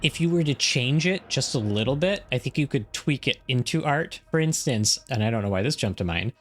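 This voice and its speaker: A man co-hosting a casual gaming podcast stream, telling ideas in a rambling, animated way. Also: mid-range voice, a little fast, slight background noise. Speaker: podcast co-host.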